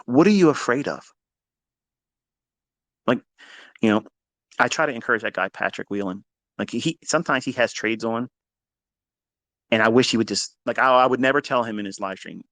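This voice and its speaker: A man's voice: medium pitch, fairly bright tone, no room sound. A man coaching traders in a blunt, profane motivational monologue. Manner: profane, emphatic, preachy. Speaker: trading coach.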